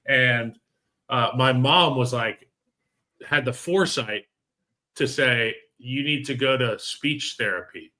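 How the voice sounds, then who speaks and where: A man's voice: medium pitch, slow pace, sharp tone. A man co-hosting a sports talk show, chatting casually and telling stories over a video call. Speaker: podcast co-host.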